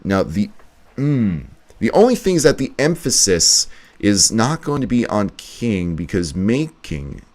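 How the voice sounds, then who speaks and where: A man's voice: fairly low pitch, sing-song, unhurried, a little mellow. A man editing a video live, chatting casually and thinking aloud as he works. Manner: thinking aloud, muttering to himself. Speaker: video editor streaming live.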